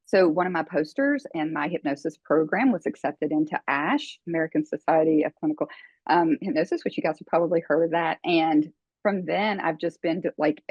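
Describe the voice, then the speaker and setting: An older woman as an interview guest, telling her story earnestly, with many fillers and pauses. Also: low-pitched, darkish tone, breathy edge, dry recording, muffled recording. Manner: earnest, emotional, halting with fillers.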